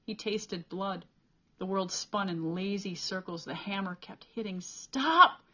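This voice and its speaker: Woman reading a novel out loud, steady storyteller, mid pitch, kinda dull lo-fi sound. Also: a little slow. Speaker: audiobook reader.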